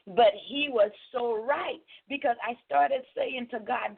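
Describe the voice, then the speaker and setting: A woman's voice: a little high, measured pace, creaky, hardly any pauses, breathy edge. A woman from the Caribbean, an author guest on a radio interview, telling her story in an earnest, impassioned way over a phone line.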